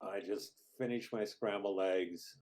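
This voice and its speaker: Quiet slow guy at the game table, deep voice. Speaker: player.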